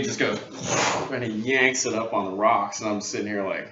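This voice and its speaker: Sitting far from the mic in an echoey workshop, a man with a lowish voice spins a fishing yarn at normal speed, slightly dull audio carrying a faint hiss. He's a guest angler and an animated storyteller, voicing others' dialogue as he goes.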